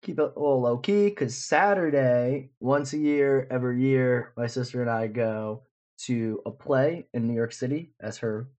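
The highs are cut off in this recording of a darkish, mid-range male voice speaking at normal speed. He's a podcast co-host in his 20s, casually rambling through a story loaded with fillers.

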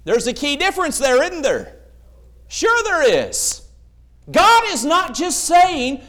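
A man's voice: extremely high pitch, sing-song, takes it slowly, a bit bright. A man preaching a sermon, emphatic, telling stories and acting out the voices in them.

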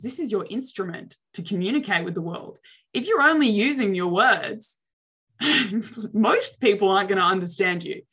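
Her voice is mid-range and husky. She's a young adult woman delivering a spirited motivational talk on social skills, dramatizing reactions with over-the-top expressions.

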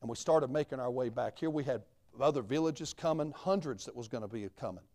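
A man's voice: medium pitch, brisk, a little mellow. A man, a missionary preacher telling his story in a sermon in a folksy, plain-spoken way.

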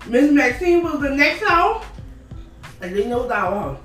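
A high-pitched woman tells animated, laughing anecdotes in casual conversation. She is a little distant from the mic, and the room is echoey. Faint music sits underneath. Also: measured pace. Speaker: podcast co-host. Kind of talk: casual chat.

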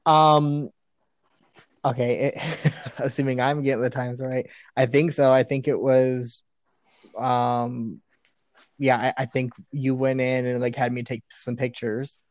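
A man's voice: mid-range voice, level tone, slow pace, no echo. A man chatting as a guest on a podcast, hesitant and full of fillers, often laughing as he recalls things. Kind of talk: casual chat.

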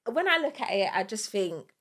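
A woman with an average-pitched voice, co-hosting a relaxed podcast with her partner. She talks in a loose, chatty way, full of fillers and easy giggles. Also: normal speed. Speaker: podcast co-host. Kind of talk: casual couple's chat.

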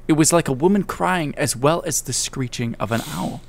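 A man co-hosting a podcast in casual chat, excitable and slangy with plenty of swearing. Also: a little high, normal speed, vocal fry. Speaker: podcast co-host.

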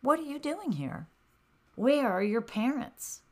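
A woman voicing a kind young girl fawn in a storybook, asking soft caring questions. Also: sits high, very animated, unhurried, voice pushed up.

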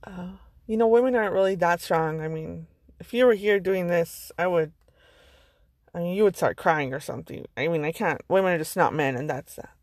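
A woman's voice: lowish voice, fairly quick, no echo, clean studio sound, close to an everyday voice. A woman putting on a condescending man who belittles women, in a scoffing, patronizing manner.

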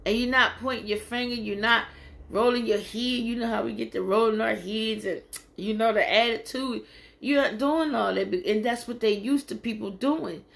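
A woman's voice: on the high side, fairly even intonation, moderate pace, creaky, fairly bright tone. A woman delivering a casual, folksy sermon. She reads scripture aloud and talks plainly to her listeners in an encouraging, preachy way. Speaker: podcast preacher. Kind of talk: informal sermon.

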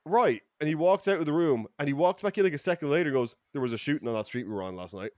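A man with an Irish accent telling a story on a podcast in a lively, profane way, acting out the people he quotes. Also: on the high side, very fast, dry recording, studio quality. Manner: animated, profane, quotes people in mock voices. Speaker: podcast regular. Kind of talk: casual storytelling. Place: podcast studio.

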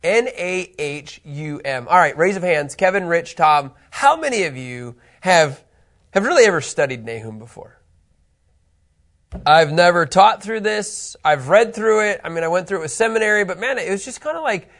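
A man with a fairly high voice leads a relaxed Bible lesson in a classroom. He talks in a chatty way, throws questions to the group and restarts his phrases as he goes. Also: moderate pace. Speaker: Bible teacher. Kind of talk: casual classroom Bible teaching.

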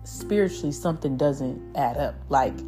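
A woman giving a casual, profane spiritual tarot reading, animated and acting out voices. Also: sits low, normal speed, over music. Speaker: tarot reader.

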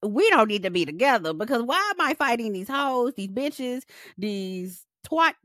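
A young adult woman co-hosting a podcast in a blunt, animated, profane casual chat. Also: a little high, normal speed, no room sound, studio quality. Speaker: podcast co-host.

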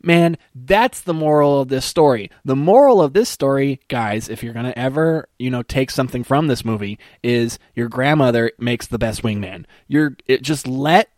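A man's voice: medium pitch, normal speed, hardly any pauses, darkish tone, dry recording. Male comic reviewer, sarcastic and crude, dry unroomy voice. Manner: sarcastic, profane, mocking. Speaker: movie reviewer. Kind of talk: comedic movie rant.

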